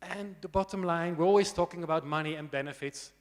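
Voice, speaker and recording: Man, public lecture, slightly high voice, chatty audience check-ins, dry humor, long hall echo. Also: fast talker. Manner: conversational, checks in with the audience through frequent tag questions. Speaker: snake expert giving a conference talk.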